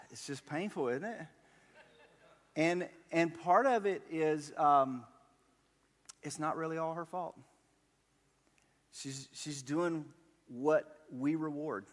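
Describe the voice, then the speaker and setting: Pastor, plain talking, slightly raised voice, long church reverb. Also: male voice, fairly high pitch, a bit bright. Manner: conversational, halting with fillers and restarts. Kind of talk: sermon.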